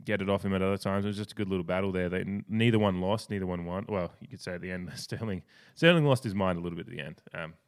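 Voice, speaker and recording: This is a man on a casual sports podcast with a notably deep voice and a clean, resonant tone. He tells stories in an animated, rambling way, often restarting his sentences. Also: racing, few pauses. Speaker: podcast co-host.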